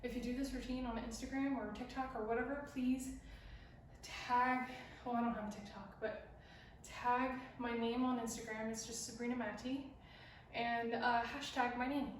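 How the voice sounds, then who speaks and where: A woman's voice: on the high side, little pitch movement, moderate pace, distant mic, a little hiss or hum. Breathless young woman teaching dance, echoey room. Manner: counts steps and sings lyrics while dancing. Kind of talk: dance tutorial, counting and singing along.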